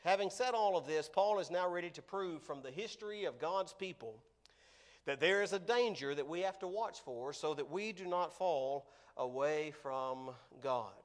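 High-voiced earnest male preacher. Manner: earnest, emphatic, slows for stress. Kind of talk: sermon.

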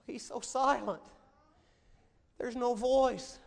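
High-voiced man preaching a sermon. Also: steady tone, slow pace, vocal fry, big-room sound. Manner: emphatic, dramatic preaching with rising cries. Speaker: pastor.

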